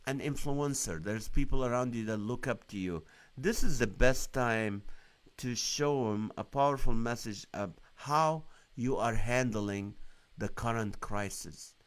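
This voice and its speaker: A man hosting a live Christian stream, preaching earnestly and asking his viewers many rhetorical questions. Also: medium pitch.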